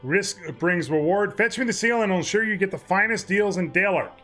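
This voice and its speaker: Smooth, scheming trade boss woman, read flat by a male streamer, high-pitched. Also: fairly quick, faint music behind. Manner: read aloud from game text. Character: smooth-talking female merchant director.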